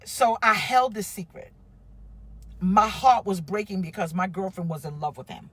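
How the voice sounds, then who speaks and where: A woman's voice: medium pitch, moderate pace, breathy edge, no echo. A woman pastor, telling her own story with feeling to a live-stream audience. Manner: emotional, animated storytelling with acted quotes.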